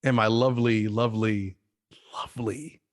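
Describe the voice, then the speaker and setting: A man's voice: medium pitch, fairly quick, no echo, studio quality. A man hosting a gaming podcast in a laid-back, playful casual chat. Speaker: podcast host.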